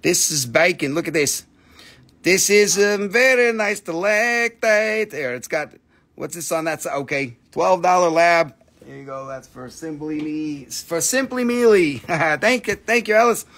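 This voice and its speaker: Man, high voice, jokey live-sale host calling prices like an auctioneer. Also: animated, a little slow, fairly bright tone. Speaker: host selling minerals on a live stream. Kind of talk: live sales stream patter.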